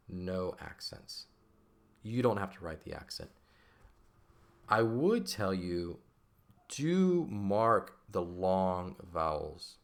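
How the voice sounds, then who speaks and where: A man teaching a grammar lesson over a shared screen, relaxed and conversational, often checking in with "right?". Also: lowish voice. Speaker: Latin teacher.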